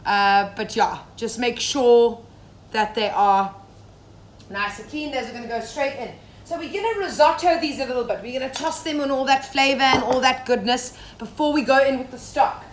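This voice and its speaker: A young woman from Zimbabwe cooks live for her viewers, chatting easily and greeting them by name. Her voice sits a little high. The sound is roomy, an echoey home kitchen with a faint hum of ambience behind her. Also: normal speed. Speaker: safari cook. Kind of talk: live-streamed cooking demonstration.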